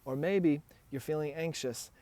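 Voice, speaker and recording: A man's voice: a little high, a little slow, warm tone, dry recording. A man speaking as a hypnotist and relationship coach, giving earnest, direct advice on handling emotional triggers. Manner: earnest, coaching, acts out example dialogues.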